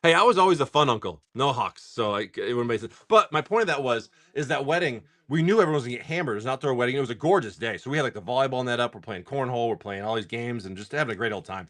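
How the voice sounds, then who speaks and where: A man in his forties chatting casually on a live stream while opening card packs, rambling and swearing, with filler words and frequent throat clearing. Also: mid-range voice, expressive, very fast, few pauses, fairly bright tone. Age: 40s. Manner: rambling, profane storyteller.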